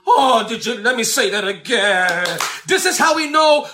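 Against a noisy background, a man preaches emphatically and with animation. He swings from shouts to slow, drawn-out low phrases and repeats lines for effect.

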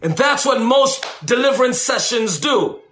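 A man preaching on deliverance, animated and emphatic, who acts out shouting ministers and calls his listeners baby. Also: very high voice, normal speed, reverberant, a little hiss or hum. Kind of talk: sermon.

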